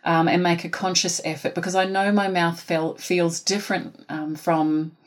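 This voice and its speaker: A woman's voice: on the low side, flat delivery, normal speed. A woman with a New Zealand accent, a teacher answering podcast questions in a careful, explanatory way with frequent ums. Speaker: phonics intervention teacher, guest.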